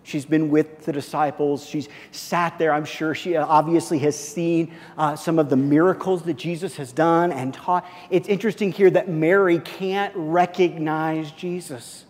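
A man's voice: fairly high pitch, steady tone, a little slow, hardly any pauses. Impassioned preacher man in a reverberant hall. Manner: impassioned preaching, swinging between loud and hushed. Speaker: pastor. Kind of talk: sermon.

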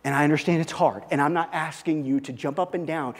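A male pastor preaching a sermon, moving from loud, punchy emphasis to quiet, earnest intensity. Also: on the high side, fast talker. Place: church sanctuary. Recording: long church reverb.

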